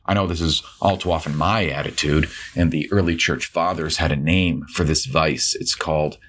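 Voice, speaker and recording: A middle-aged man with an exceptionally deep, low voice delivers a prepared reflection. His reading is measured and earnest, steady from line to line. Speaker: educator sharing a reflection.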